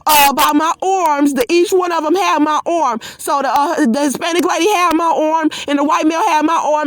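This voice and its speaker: A woman's voice: high-pitched, brisk, hardly any pauses, a little hiss or hum. A woman giving a personal testimony, impassioned and indignant, often repeating herself. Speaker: storyteller recounting her own ordeal.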